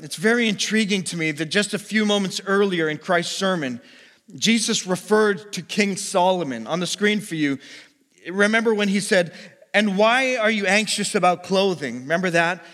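A man preaching a sermon as pastor, telling stories and acting out the voices in them. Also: a bit bright. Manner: storytelling, acts out quoted voices with big pitch jumps. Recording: long hall reverb.

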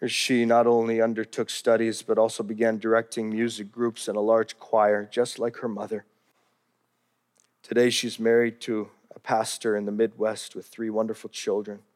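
A man's voice: on the low side, monotone, moderate pace, darkish tone. A man narrating a first-person memoir in an earnest, heartfelt storytelling manner.

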